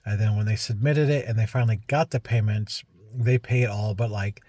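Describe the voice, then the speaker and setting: A man's voice: on the low side, fairly even intonation, moderate pace, darkish tone, dry recording. A man talking casually to camera in a rambling vlog, recounting a frustrating week with many restarts and asides. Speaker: vlogger.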